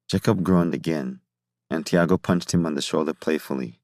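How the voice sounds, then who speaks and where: Man, audiobook narrator, deep voice, measured storytelling, dry close recording. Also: a little mellow, dry recording. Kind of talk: scripted narration.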